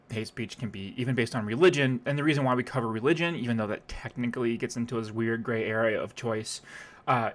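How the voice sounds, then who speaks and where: A man streaming a casual reaction commentary, sarcastic and rambling, with many restarts. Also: fairly low pitch.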